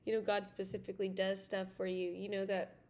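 A woman's voice: medium pitch, monotone, a little fast. A woman hosting a podcast, telling a story in a casual, rambling way full of "like" and "you know.". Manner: chatty, full of "like" and "you know", many restarts. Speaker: podcast host.

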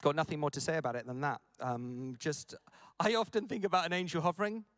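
Male preacher, high-ish voice, dry close sound, playful delivery. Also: quick pace, no echo. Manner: animated, jokey, acts out quoted lines. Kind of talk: conference sermon.

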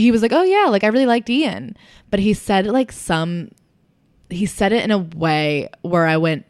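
Low-voiced woman telling quick, rambling stories. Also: no echo, studio quality. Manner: rapid, filler-heavy storytelling. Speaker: guest comedian. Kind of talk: casual podcast chat.

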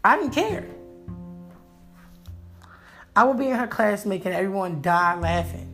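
Brief: a man spinning a funny personal story, playful and animated, with a gravelly edge. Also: sits high, measured pace, faint music behind. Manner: animated, playful, jokey delivery.

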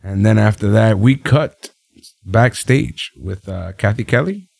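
A man co-hosting a casual wrestling podcast, loose and profane, quick to laugh and joke. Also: fairly low pitch, animated, vocal fry, a little mellow, husky, no room sound. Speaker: podcast co-host.

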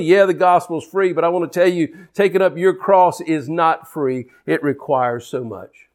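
Emphatic preacher man, rising and dropping. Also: moderate pace. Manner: emphatic, swings between loud declarations and low intense asides. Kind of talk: sermon.

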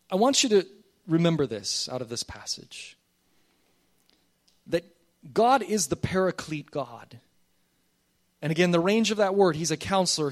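A man preaching a sermon as pastor, earnest and emphatic, calling on the congregation to repeat after him. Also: a little high.

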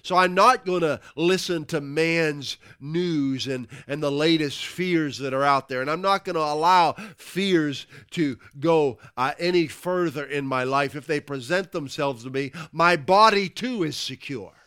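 A man's voice: fairly high pitch, measured pace, hardly any pauses, pushed and bright, clear, resonant tone, no room sound, clean studio sound. A man who co-hosts a church talk, declaring scripture with emphasis and then chatting casually. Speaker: pastor co-hosting. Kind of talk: preaching, then casual chat.

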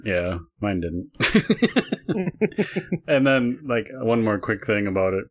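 Low-voiced man telling a profane story. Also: lively intonation, slow. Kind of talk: casual chat.

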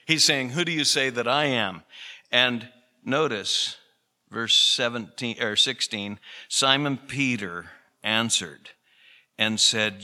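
Bright-voiced pastor preaching in a reverberant hall. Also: male voice, mid-range voice, expressive. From Pacific Northwest, US. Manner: conversational, storytelling with fillers like "you know"; emphatic, slowing down on key phrases. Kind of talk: sermon. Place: church hall. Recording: radio broadcast of a sermon in a church hall with long reverb.

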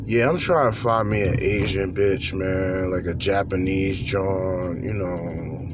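A man mocking a crude, whiny, lonely young man in a low, drawling mumble, recorded in a car. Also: steady tone, takes it slowly, very noisy. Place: parked car.

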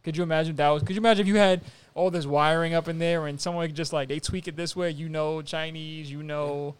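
A man with a New York accent who talks fast and animatedly in casual chat. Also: fairly high pitch, steady tone, smooth.

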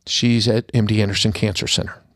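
A middle-aged man hosting a podcast, telling a personal story earnestly and going quiet at the sad parts before a holiday message. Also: lowish voice, steady tone, fairly quick, no room sound, clean studio sound. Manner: earnest storyteller, drops to a hushed tone at sad moments. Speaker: podcast host.

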